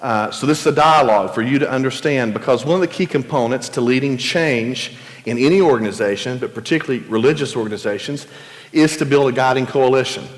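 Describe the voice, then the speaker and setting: Earnest pastor in an echoey hall. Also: male voice, mid-range voice, fast talker. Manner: earnest, conversational, frequent stammered restarts. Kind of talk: church teaching session. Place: church sanctuary.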